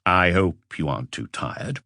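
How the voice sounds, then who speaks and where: A courteous police inspector questions a suspect in a measured, polite way, voiced by a man reading a detective audiobook. The voice sits very deep. The sound is dry and close, with no room around it. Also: animated, bright, forceful tone, dry recording, full character voice. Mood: calm. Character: calm, courteous middle-aged police inspector.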